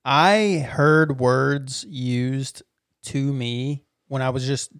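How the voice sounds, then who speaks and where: A man's voice: medium pitch, fairly even intonation, very slow, a bit bright, clean tone, no room sound, studio quality. A young man co-hosting a podcast, chatting casually with a joking, emphatic manner. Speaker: podcast co-host. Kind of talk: casual chat.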